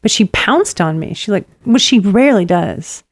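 A woman's voice: mid-range voice, expressive, normal speed, no room sound, clean studio sound. A woman in her fifties co-hosting a podcast in casual chat, laughing often and swearing freely. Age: 50s. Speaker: podcast co-host.

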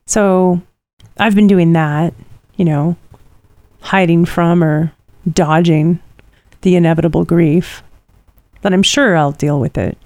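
Middle-aged woman co-host, rambling chatty delivery, fairly low warm voice, dry close sound. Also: fairly even intonation, slow pace, pauses often, no room sound. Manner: rambling and chatty, many fillers. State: tired. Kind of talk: casual chat, personal storytelling.

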